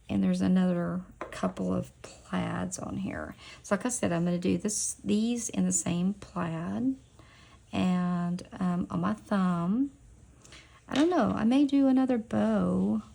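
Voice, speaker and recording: A middle-aged woman with a deeply gravelly, husky voice, talking slowly and casually while she works. Her tone is dark and mellow. She rambles chattily and often drops into soft whispers mid-sentence. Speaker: nail art vlogger. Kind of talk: casual chat while stamping nails.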